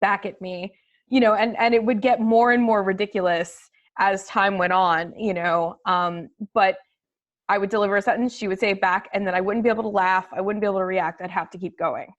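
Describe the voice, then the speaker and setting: A woman with a mid-range voice talks as a guest on an online chat. She is emphatic and lively and laughs easily. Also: mid-range voice, fairly quick, dull audio. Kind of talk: casual webinar chat.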